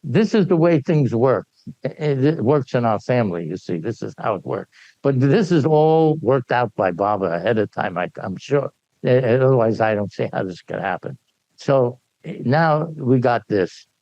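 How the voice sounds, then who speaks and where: Older male storyteller, gravelly and lively, acts out the dialogue, heard on a dull, dry lo-fi recording. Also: medium pitch, moderate pace, no echo. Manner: animated, acts out dialogue, laughs often. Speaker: speaker sharing memories at a gathering. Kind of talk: anecdotal storytelling to an audience.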